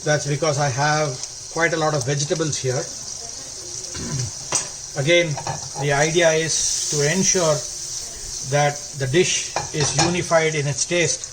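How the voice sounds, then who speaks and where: Man with a higher voice demonstrating a recipe. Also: takes it slowly, noisy background. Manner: calm, step-by-step instructional; stretches words for emphasis. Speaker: cooking channel host. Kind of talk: cooking demonstration.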